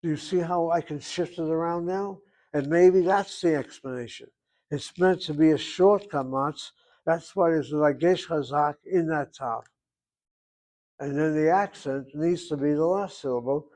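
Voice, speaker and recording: Older male teacher, slightly high voice, reasons aloud through a grammar point in class. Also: moderate pace, darkish tone. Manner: thinks aloud, reasoning back and forth. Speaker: Hebrew teacher.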